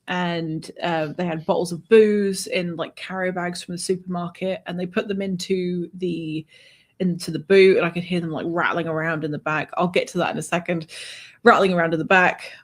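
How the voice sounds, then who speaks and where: Animated woman telling a story. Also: lowish voice. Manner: animated, laughing, swears freely. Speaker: author guest. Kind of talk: conversational storytelling.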